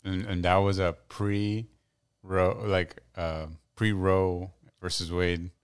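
Low-voiced man, quiet and dry. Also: flat delivery, takes it slowly, clean tone, dry recording. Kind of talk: casual chat.

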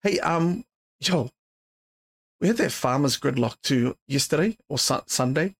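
A man's voice: fairly high pitch, animated, measured pace. A tired man hosting his podcast alone, rambling casually with lots of fillers and swearing. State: tired, yawning late at night. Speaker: podcast host. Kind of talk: casual solo podcast chat.

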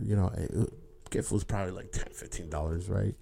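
A man addresses his viewers in a candid, rambling, emotional monologue, repeating words and swearing casually. His voice is low-pitched, creaky and mellow with a steady tone, at a moderate pace with long pauses. There's slight background noise.

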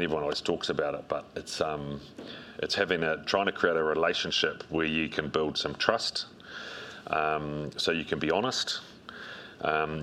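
A middle-aged New man with a remarkably low voice tells stories in a relaxed, rambling way, stopping for ums and restarts. A faint hiss sits under his voice. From New Zealand. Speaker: strength and conditioning coach, guest. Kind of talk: interview storytelling.

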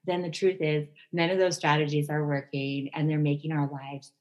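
A woman's voice: low voice, flat delivery, normal speed, a little mellow, dull audio. A woman co-hosting a casual conversation, affirming and reflective as she talks. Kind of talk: casual chat.

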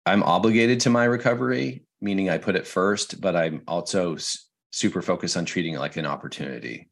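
A man's voice: sits low, brisk, creaky. A man in his thirties co-hosting a recovery podcast, telling stories in casual chat, with jokes and swearing. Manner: storytelling, swears, jokey. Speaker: podcast co-host.

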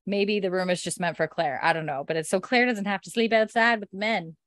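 A woman's voice: medium pitch, brisk, a bit bright, no echo, clean studio sound. A woman casually recapping a TV episode as a podcast co-host, chatty and giggly, acting out the characters' lines. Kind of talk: casual chat.

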